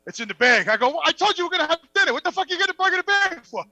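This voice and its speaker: Podcast guest, male, high and tense-voiced, recorded dry, swearing and acting out every line of the story. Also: very fast, dry recording, low-quality recording. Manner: profane, animated, acts out dialogue. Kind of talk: casual storytelling.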